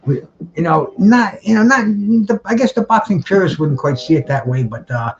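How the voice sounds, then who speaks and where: A man's voice: high-pitched, animated, normal speed, a little hiss or hum. Rambling man hosting a live boxing stream. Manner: rambling, greets chat viewers by name; restarts and repeats words often. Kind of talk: casual live-stream chat. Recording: dull lo-fi sound with faint music behind.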